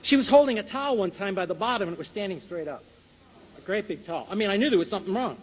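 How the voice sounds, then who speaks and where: An older man with a notably high voice tells a personal story to a church audience. He chuckles often and acts out the scenes as he goes. His voice rings with the long reverb of a large hall. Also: expressive, racing, slight background noise. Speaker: Bible college teacher and speaker.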